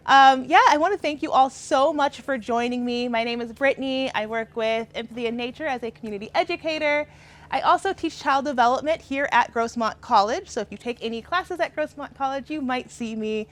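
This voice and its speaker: A woman's voice: sits high, brisk. Upbeat woman teaching outdoors. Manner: upbeat, playful, laughs often. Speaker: community educator leading a workshop. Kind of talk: friendly workshop instruction.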